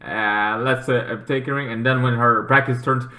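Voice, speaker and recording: A man casually reviewing a TV episode, rambling and halting, with many fillers and restarts. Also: mid-range voice, steady tone, heavy background noise. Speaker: TV show reviewer. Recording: echoey room.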